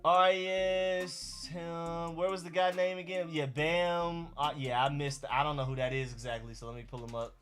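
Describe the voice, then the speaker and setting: A man's voice: fairly high pitch, flat delivery, moderate pace, hardly any pauses, a bit bright, faint music behind. A young man with an Atlanta accent, hosting a casual live stream and reacting to chat and talking to his dog. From Georgia.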